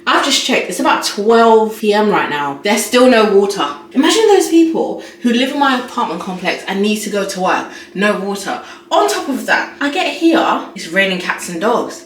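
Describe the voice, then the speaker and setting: Chatty exasperated woman, echoey room. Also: fairly high pitch. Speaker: travel vlogger. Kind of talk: casual vlog chat. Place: hotel room. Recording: echoey room, faint background ambience.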